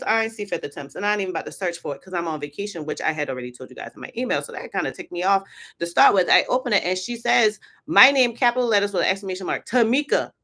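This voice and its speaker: Sassy chatty woman, bright voice. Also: lowish voice. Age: adult. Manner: chatty and sassy, addresses viewers as y'all. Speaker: HR content creator and host. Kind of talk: casual livestream chat with viewers.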